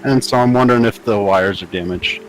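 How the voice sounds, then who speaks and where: A man's voice: on the low side, brisk, a little hiss or hum, rough recording. A man in his thirties chatting casually with his tabletop group in a self-deprecating way. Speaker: player. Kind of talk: casual voice-chat banter.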